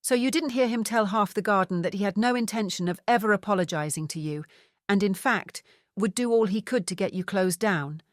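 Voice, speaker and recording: A woman voicing a calm Irish detective. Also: medium pitch, brisk, no echo, clean studio sound, close to an everyday voice. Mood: probing. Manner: calm, probing questions. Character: charming Irish male police detective.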